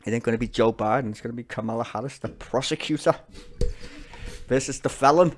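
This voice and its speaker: Talking fast in a mid-range voice, this Liverpudlian streamer delivers an angry, blunt rant full of swearing as he reacts to parliament. There's slight background noise behind his ranting commentary.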